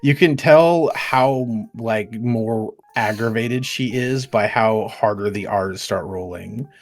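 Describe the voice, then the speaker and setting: A man's voice: lowish voice, slow. A man in casual chat, joking and teasing his friends, swearing and laughing often.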